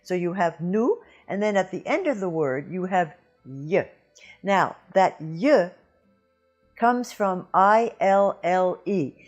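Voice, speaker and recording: A lower-pitched woman teaching pronunciation in a scripted video lesson. She speaks slowly and carefully, spelling out and modeling each sound. Soft music plays faintly behind her. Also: dull audio. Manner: slow, careful demonstration of sounds.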